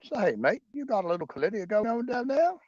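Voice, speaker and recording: A man's voice: high voice, very animated, fast, a little mellow, no echo, dull audio, voice pushed up. Man doing a crude gossiping koala bloke. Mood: teasing. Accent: put-on Australian. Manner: crude, teasing banter. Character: gossiping male koala in a fake Australian drawl.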